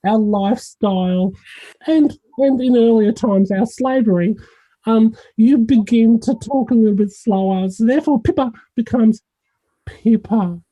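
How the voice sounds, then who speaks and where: Australian woman guest, very dark husky voice, muffled call audio; joking, easygoing. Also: a little high, moderate pace. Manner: joking, easygoing, hesitant with ums. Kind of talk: casual livestream chat. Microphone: video call.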